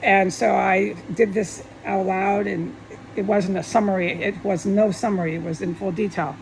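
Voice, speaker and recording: A woman's voice: mid-range voice, steady tone, normal speed, vocal fry, a little hiss or hum, low-quality recording. A woman vlogger in a rambling monologue, agitated and swearing in heated outbursts.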